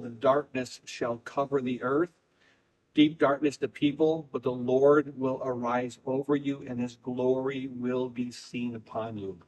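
A man preaching a sermon, emphatic and repetitive, reading scripture aloud and swinging between quick bursts and slow, drawn-out phrases. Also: medium pitch, a little mellow, low-quality recording. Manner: emphatic preaching, speeding up and slowing down, repeating phrases. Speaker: pastor.

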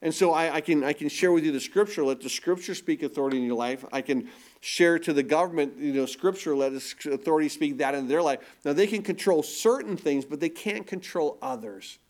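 A man's voice: fairly high pitch, a little fast, a little mellow. A man preaching a sermon as pastor, emphatic and asking the congregation rhetorical questions.

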